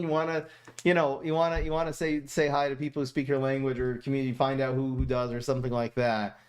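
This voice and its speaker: A young man streaming and casually reviewing viewer messages, talking in a chatty, animated way with frequent laughs and restarts. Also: fairly high pitch.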